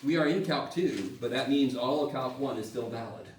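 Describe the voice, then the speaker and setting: A man's voice: medium pitch, normal speed, distant mic. Male math lecturer, loose and jokey with salty language, recorded from across an echoey classroom with faint room hum. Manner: casual, joking, swears freely, animated.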